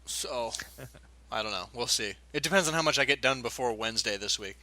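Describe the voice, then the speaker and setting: A man's voice: medium pitch, a little fast, bright, forceful tone. A man hosting a podcast, wrapping up segments with dry jokes in casual chat. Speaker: podcast host.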